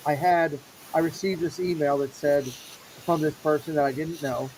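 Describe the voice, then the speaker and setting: A man's voice: a little high, fairly even intonation, moderate pace, darkish tone, slight background noise, poor audio. A middle-aged man hosting a casual show, animatedly acting out the people in his story. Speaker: show host.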